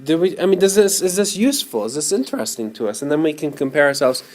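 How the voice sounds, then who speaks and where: A male lecturer talking through material in front of a class. He is animated and keeps questioning his students as he goes. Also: a little high, quick pace.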